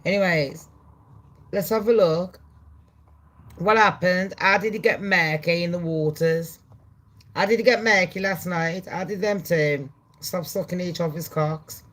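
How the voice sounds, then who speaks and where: Slow-talking woman, blunt and profane. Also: on the low side. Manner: blunt, profane, chatty, with loud excited bursts. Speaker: channel host. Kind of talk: casual commentary vlog.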